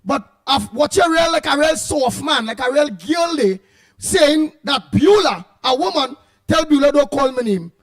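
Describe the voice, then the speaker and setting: A man's voice: very high-pitched, moderate pace. A man with a Trinidadian accent hosting a call-in radio show, talking emphatically and often raising his voice. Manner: emphatic, animated, often shouting. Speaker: radio talk show host.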